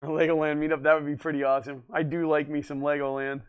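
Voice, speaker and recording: A man's voice: fairly high pitch, flat delivery, fast, smooth, lo-fi sound. A man hosting a livestream, chatting casually and reading viewer comments aloud, easygoing and often laughing. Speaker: livestream host.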